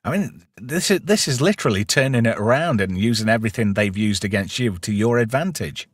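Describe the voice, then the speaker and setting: A man's voice: on the low side, fairly quick, husky, no room sound, studio quality. A man hosting a casual film review chat, retelling the plot and quoting lines with gusto. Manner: recaps plot with lively quoted lines and frequent laughs. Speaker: podcast host.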